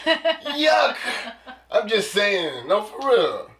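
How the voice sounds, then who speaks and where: A man hosting a podcast in casual chat, animated and jokey, acting out little scenes as he talks. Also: on the high side, normal speed, recorded from a distance. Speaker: podcast host. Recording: roomy echo, voice a bit off mic.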